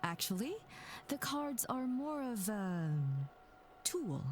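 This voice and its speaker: An actress playing a precise, corrective fortune teller in a mystery game. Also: female voice, high voice, lively intonation, slow, a little hiss or hum.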